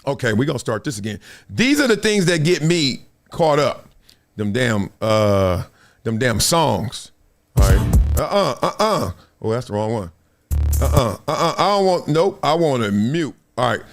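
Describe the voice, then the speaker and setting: A middle-aged man hosting his own live show, talking in an animated, casual way, acting out quotes and laughing often. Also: medium pitch, moderate pace, music in the background. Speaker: host.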